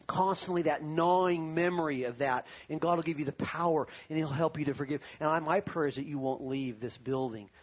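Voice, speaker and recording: A man's voice: a little high, fairly quick, few pauses, slightly rough, highs cut off. A pastor preaching a sermon to his congregation, telling a personal story and then rising to fervent preaching.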